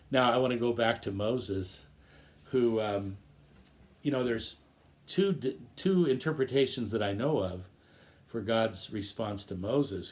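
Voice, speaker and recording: A man teaching a recorded lesson, retelling an old story in a reflective, measured way. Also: fairly low pitch.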